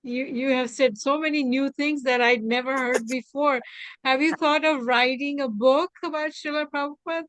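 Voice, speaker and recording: High-voiced woman asking eagerly. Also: fairly even intonation, normal speed, fairly bright tone, no echo, low-quality recording. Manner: eager, pleading. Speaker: audience member.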